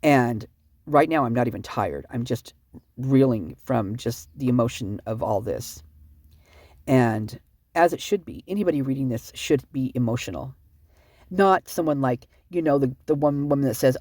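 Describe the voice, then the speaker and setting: A sleep-deprived, upset vlogger rambles through commentary, often breaking off mid-thought. The voice is husky and mellow. The recording is dry and close. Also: medium pitch, lively intonation, dry recording. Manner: fast, rambling, self-interrupting. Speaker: vlogger reading police reports.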